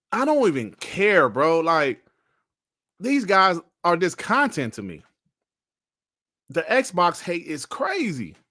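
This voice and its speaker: A man's voice: high voice, pushed and bright. A man hosting a casual gaming podcast, ranting bluntly with plenty of slang and swearing. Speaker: podcast host.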